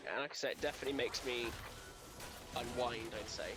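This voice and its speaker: A man chatting casually on a stream, halting and repeating himself, prone to giggles. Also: mid-range voice, steady tone, background noise.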